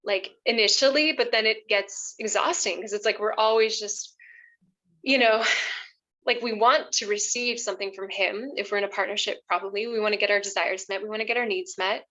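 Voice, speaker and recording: A woman's voice: mid-range voice, moderate pace, a bit bright. A woman love coach, a podcast guest, talking earnestly in a casual conversation, emotional and choking up a little, with many fillers.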